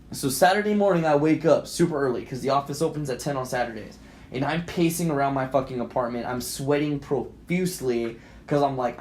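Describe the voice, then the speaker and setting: A man's voice: mid-range voice, brisk, darkish tone. A man co-hosting a podcast, telling a heated story in a casual, profane and rambling way. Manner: rambling, with frequent restarts. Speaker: podcast co-host.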